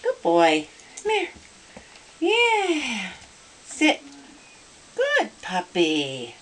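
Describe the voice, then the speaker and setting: A woman's voice: fairly high pitch, huge pitch swings, extremely slow, fairly bright tone, a little hiss or hum. A woman training her young puppy at home indoors, giving short commands and cheerful sing-song praise as she coaxes it. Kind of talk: coaxing talk to a puppy.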